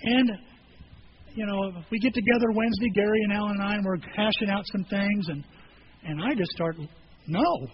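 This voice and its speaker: Pastor with a high voice, preaches to his church and acts out scenes in different voices, muffled recording with faint hiss. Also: steady tone, a little fast. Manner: storytelling, acting out conversations with voices. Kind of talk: sermon.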